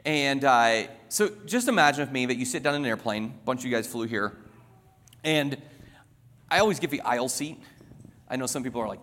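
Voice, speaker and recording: A man's voice: mid-range voice, expressive, fairly quick, long pauses, fairly bright tone, big-room sound. A man preaching a sermon, emphatic and repetitive, building his points through illustrations.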